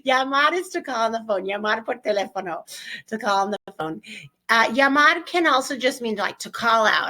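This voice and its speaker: A middle-aged woman teaching a Spanish vocabulary lesson in a chatty, lively way, correcting herself as she goes. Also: mid-range voice, moderate pace.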